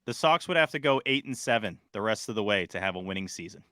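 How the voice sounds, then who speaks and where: An excitable young man co-hosting a sports podcast, his voice bright and forceful and sitting a little low. He swings between loud bursts and quieter asides in casual chat. The sound is dry and close. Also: quick pace, dry recording. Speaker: podcast co-host.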